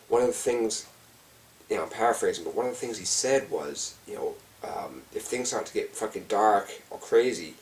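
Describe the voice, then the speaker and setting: A male vlogger with a lowish, darkish voice tells a personal story, casual, intense and heavily profane, acting out his own frantic thoughts. He sits back from the mic, so the recording sounds distant and rough.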